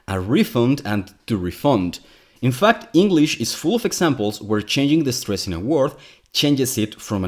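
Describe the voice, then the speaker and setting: A man's voice: medium pitch, a little mellow. A man whose first language is Spanish, hosting a scripted commentary with a wry, exasperated manner. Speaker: commentary video host.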